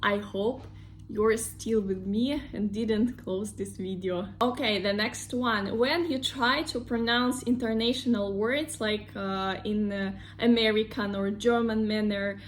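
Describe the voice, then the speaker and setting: Russian-accented young woman, language teacher, unhurried delivery, repeats words to drill them. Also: medium pitch, a little hiss or hum. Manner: slow, patient, repeats example words several times. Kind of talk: casual online language lesson.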